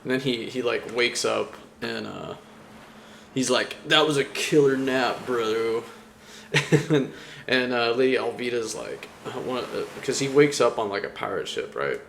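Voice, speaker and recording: Gravelly, rambling young man chatting. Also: mid-range voice, lively intonation, moderate pace, a bit bright, slight background noise. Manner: rambling, filler-heavy, laughs often. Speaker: anime vlogger. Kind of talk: casual chat.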